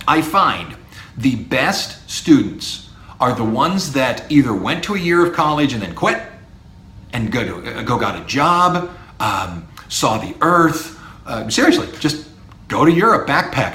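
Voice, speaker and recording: A man's voice: medium pitch, a bit bright. A middle-aged man, a university professor, giving an emphatic podcast monologue to students, now and then mimicking their imagined replies. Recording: echoey room with faint ambience.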